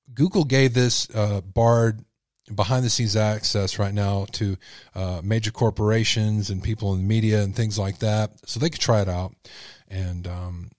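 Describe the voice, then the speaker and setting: A man's voice: lowish voice, no echo, studio quality. A male radio host giving a casual, chatty monologue to his listeners, stressing his points and repeating phrases.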